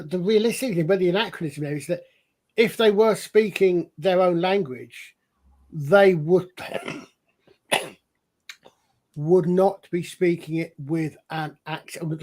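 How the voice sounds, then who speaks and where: A man with a somewhat high-pitched voice, talking in a relaxed, chatty way. He rambles through long explanations as a podcast co-host, doubling back and restarting his points as he goes. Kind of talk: casual chat.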